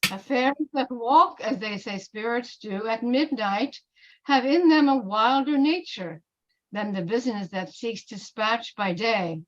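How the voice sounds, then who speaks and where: A woman reading the part of a scheming male bishop in an amateur Shakespeare reading, with slow, deliberate verse delivery. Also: on the high side, dull audio, lightly acted. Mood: probing. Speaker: reader in a play reading.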